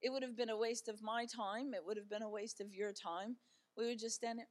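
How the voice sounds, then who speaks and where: A woman's voice: fairly high pitch, steady tone, fairly quick. A middle-aged woman giving an encouraging talk as a guest speaker, telling stories in a chatty way with fillers and light humor.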